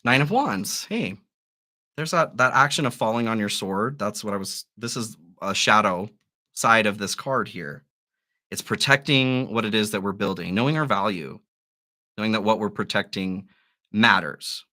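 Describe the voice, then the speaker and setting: A man hosting a live tarot reading, musing through the cards in a gently encouraging way. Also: lowish voice, moderate pace. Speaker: tarot reader.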